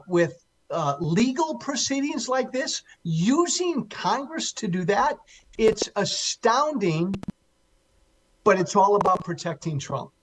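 Appearing as a guest commentator on political talk radio, a man with a fairly high voice drives his points home emphatically. He often repeats a word several times for stress, and his delivery comes across as forceful and insistent.

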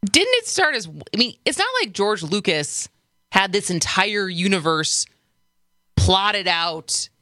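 A female radio co-host in casual banter who fires off quick, teasing questions. Her voice is bright and very animated, and it is recorded dry in a studio. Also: mid-range voice, dry recording.

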